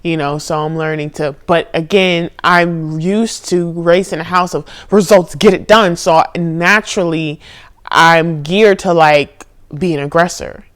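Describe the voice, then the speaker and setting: A young woman speaks into her phone camera in a candid confessional vlog. Her voice sits a little low. She drifts between quiet, murmured asides and sudden loud, profane outbursts. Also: fairly even intonation, a little slow. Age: young adult. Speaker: spiritual vlogger.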